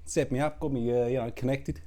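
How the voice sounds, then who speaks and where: A man's voice: mid-range voice, steady tone, fairly quick, dark tone, natural voice. A man playing a crude, gossipy middle-aged Australian bloke who rambles and swears in a comic monologue. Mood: rambling. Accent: Australian (put on). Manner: rambling, swearing, colloquial banter, mocking impressions. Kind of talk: comedic character monologue.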